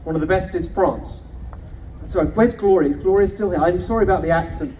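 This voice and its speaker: Guy with a high voice doing a campaign rally speech outdoors, sarcastic and punchy, mic kinda far off, faint noise behind. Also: a little fast, mellow. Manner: punchy, mocking, rhetorical questions. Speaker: political candidate.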